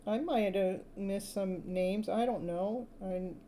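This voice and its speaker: A woman's voice: mid-range voice, slow, mellow, slight background noise, poor audio. A woman from California giving a live-stream tarot reading, speaking in soothing spiritual affirmations and laughing often. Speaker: tarot reader.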